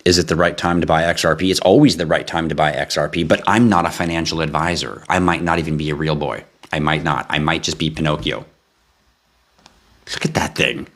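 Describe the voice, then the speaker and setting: A man's voice: very deep voice, fairly even intonation, fast talker, few pauses, fairly bright tone. A man hosting a casual live stream, reading out viewer questions and answering them in a blunt, offhand, joking way.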